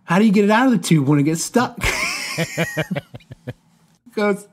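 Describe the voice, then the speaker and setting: A man with a fairly high voice tells a story on a podcast, laughing as he goes. He acts out the quoted lines and swings between hushed asides and bursts of excitement. It is relaxed, casual chat between friends. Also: rapid-fire. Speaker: youth pastor, podcast co-host.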